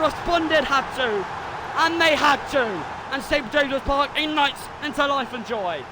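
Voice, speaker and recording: A young man calls his own football video game in a very high voice. He rants about poor defending and yells when the goals go in, like a fired-up fan doing commentary. A clear layer of background noise runs under the stream. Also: a little slow, crowd noise. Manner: swings between frustrated ranting and shouted goal calls.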